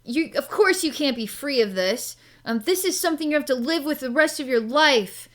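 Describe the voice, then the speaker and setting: A woman's voice: sits high, lively intonation, normal speed, fairly bright tone, voice pushed up. A woman voicing an angry, bullying man who talks down with mean words. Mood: scornful. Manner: scolding, jeering.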